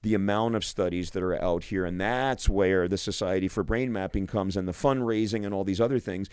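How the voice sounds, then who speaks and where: A man's voice: low-pitched, brisk, darkish tone, smooth, no room sound, studio quality. A male physician hosting a radio show, talking enthusiastically on his own, often restarting and repeating words. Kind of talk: solo radio talk.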